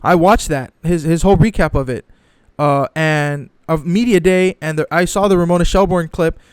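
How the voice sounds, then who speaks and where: Exasperated young man ranting, high-voiced. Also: moderate pace, smooth, no room sound. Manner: profane, exasperated, mocking impressions. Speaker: sports commentary creator. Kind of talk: casual ranting commentary.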